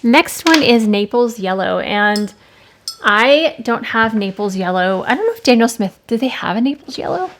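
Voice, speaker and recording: A woman's voice: a little high, animated, normal speed. A woman hosting an art channel, chatting casually and rambling a little as she swatches watercolors at her desk. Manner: musing, rambling, self-correcting. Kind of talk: casual talk while swatching paints. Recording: faint background noise with clicks.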